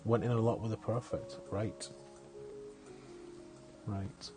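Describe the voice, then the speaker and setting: A man's voice: fairly low pitch, flat delivery, slow pace, over music. A man giving casual live-stream commentary on a game, chatty, thinking aloud and chuckling often.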